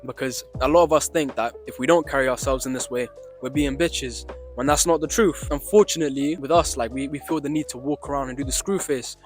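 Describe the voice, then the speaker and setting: A young man telling stories to camera in a casual, slangy, swearing vlog style that swings between excited and low. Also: brisk, soft background music. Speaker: vlogger.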